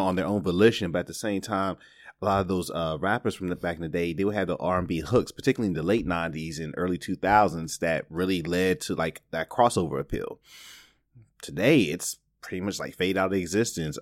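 Low-voiced man musing on music, dry sound. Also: no echo. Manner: thoughtful, builds points with many fillers. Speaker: podcast co-host. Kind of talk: casual chat.

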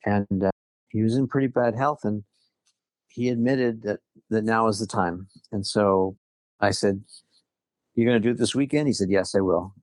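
A middle-aged man recounts a personal story in relaxed conversation. His voice sits on the lower side, and he talks earnestly, often restarting mid-sentence. The sound is dry and close. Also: normal speed, no echo. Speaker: guest. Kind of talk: casual conversation.

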